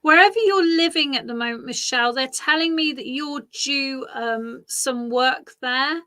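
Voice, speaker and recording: Woman, psychic reader, bright forward tone, gentle reassuring delivery, soft repeats. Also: high voice, normal speed. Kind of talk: live psychic reading.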